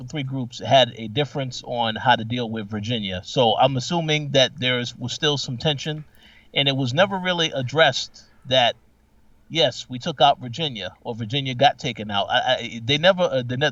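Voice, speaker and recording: A man co-hosting a podcast, thinking aloud in casual chat, halting often and restarting his sentences. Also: medium pitch, a bit bright, no room sound, far from the mic, dull audio. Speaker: podcast co-host. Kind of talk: casual episode recap chat.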